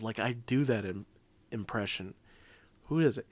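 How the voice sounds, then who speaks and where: A man's voice: on the low side, no room sound, studio quality. A man co-hosting a casual podcast chat, laid-back, quoting lines from an episode as he recaps it. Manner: laid-back, quick asides and quoted lines. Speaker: podcast co-host.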